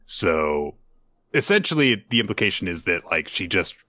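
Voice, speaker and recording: A man's voice: low-pitched, very animated, moderate pace, sharp tone. A man hosting a casual manga review chat, rambling with lots of fillers and cheerful swearing. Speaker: podcast host.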